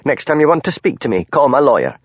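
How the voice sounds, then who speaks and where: A man's voice: on the high side, big pitch swings, fast talker, breathy edge, no echo, pitched above the performer's own voice. A man voicing a haughty, prickly actress who answers defensively, in a raised voice. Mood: affronted. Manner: affronted, defensive.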